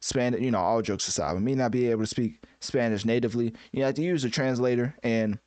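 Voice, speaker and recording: A man's voice: mid-range voice, quick pace, a little mellow, no echo. A man giving casual, joking reaction commentary on a music album, self-mocking and full of fillers like "right?" and "you know.".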